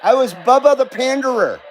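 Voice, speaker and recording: Brief: relaxed male radio host at home, high voice, slow talker, faint hiss. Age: adult. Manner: laid-back, chummy, swears freely. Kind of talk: casual livestream chat.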